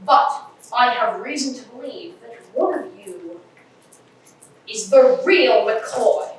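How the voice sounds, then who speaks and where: This live school play features a woman as a bumbling, self-important male police inspector, delivering her lines in a grand, theatrical style. Her voice is a little high and animated, and she takes it slowly. The sound comes from a distant room mic: a far-off, echoey hall with a faint hiss.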